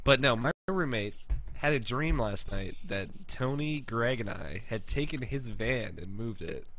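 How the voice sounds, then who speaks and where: A man's voice: mid-range voice, animated, unhurried, fairly bright tone, slight background noise, poor audio. A young man co-hosting a podcast, joking and swearing in casual chat. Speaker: podcast co-host.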